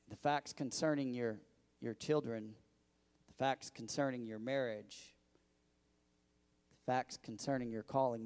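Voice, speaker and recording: A man's voice: mid-range voice, a little mellow, in a large hall. A middle-aged man preaching a sermon, telling a personal story in a conversational way and speaking directly to the congregation. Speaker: pastor.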